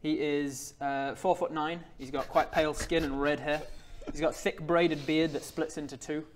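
A man narrating a tabletop game as game master, describing scenes with many pauses. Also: fairly high pitch, steady tone.

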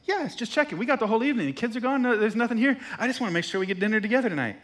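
A man voicing his wife as an eager, cheerful woman, raising his pitch into a chatty, upbeat voice. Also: lively intonation, rapid-fire, a bit bright.

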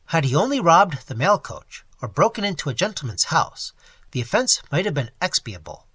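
A man voicing a smooth-talking young gentleman who flatters with theatrical, pious fervour. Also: a little high, moderate pace, no echo, exaggerated voice. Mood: indignant.

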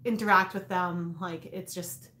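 A woman's voice: on the low side, steady tone, a little slow, sharp tone. A woman in her thirties hosting a casual craft livestream, rambling with lots of fillers and restarts. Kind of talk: casual live chat. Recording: echoey room.

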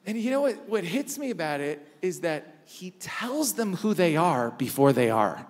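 High-voiced preacher in a reverberant church. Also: male voice, very animated. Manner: preaching with emphatic repetition and dramatic pauses. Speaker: pastor. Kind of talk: sermon. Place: large church hall.

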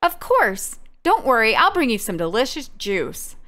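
A woman voicing a kind young island girl, reading game dialogue in a gentle, coaxing way. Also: a little high, big pitch swings, a little slow, heavily acted.

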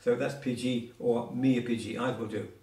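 A man with a mid-range, somewhat dark voice speaks a little fast in a steady tone. He patiently teaches Cornish words in an informal one-on-one lesson, adding asides and examples. The recording sounds roomy and distant.

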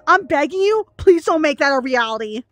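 Young woman, streamer, jumpy and excitable commentary on a spooky game; high, lively voice that swoops between registers. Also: brisk, no room sound, faint music behind. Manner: jumpy, excitable, frequent laughs and gasps, pleading. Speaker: livestreamer. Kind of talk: live gameplay commentary to chat.

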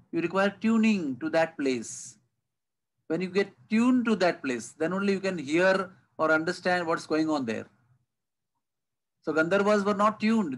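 A man's voice: sits high, low-quality recording. A man giving a devotional lecture over a video call, telling stories and asking rhetorical questions. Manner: storytelling, rhetorical questions, lively emphasis. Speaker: spiritual teacher.

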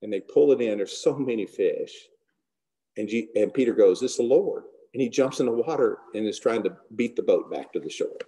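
A man's voice: on the low side, lively intonation, brisk, dark tone. A man leading an informal Bible fellowship, retelling scripture conversationally and acting out the dialogue. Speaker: Bible study teacher.

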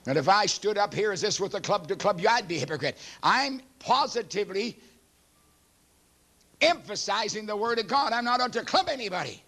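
A man in his seventies, a pastor preaching a sermon emphatically and clearing his throat often. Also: sits high, animated, fairly quick, a bit bright. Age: 70s.

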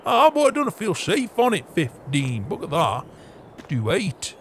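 A man's voice: high voice, huge pitch swings, unhurried, a little hiss or hum, heavily acted. An actor playing a grumpy old male farm boss, grumbling, swearing and scolding in a game roleplay.

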